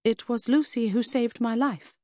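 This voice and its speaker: A woman's voice: a little high, fairly even intonation, moderate pace, dark tone, no echo, studio quality, pitched above the performer's own voice, natural voice. A woman voicing an earnest, anxious young Victorian woman in an audiobook.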